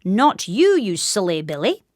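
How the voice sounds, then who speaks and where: A woman's voice: on the low side, very animated, unhurried, no room sound, clean studio sound. A woman doing a fussy kindly storybook doctor. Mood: brisk.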